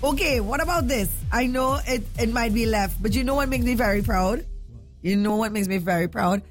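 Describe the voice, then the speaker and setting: Trinidadian female host, higher voice, excitable and emotional, casual morning chat. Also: brisk, soft background music. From Trinidad and Tobago. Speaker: radio show host.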